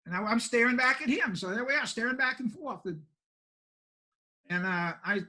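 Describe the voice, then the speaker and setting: A very high, sharp, expressive voice at a moderate pace belongs to an older country pastor from Maine who also directs a homeless shelter. The recording is low quality, and he's telling folksy interview stories with plainspoken self-deprecation.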